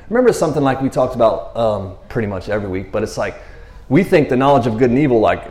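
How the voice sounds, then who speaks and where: A man's voice: medium pitch, animated, fairly quick, a little mellow. Chatty preacher man in an echoey room. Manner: rambling, chatty, keeps asking "you know what I mean". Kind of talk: casual sermon. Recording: roomy echo.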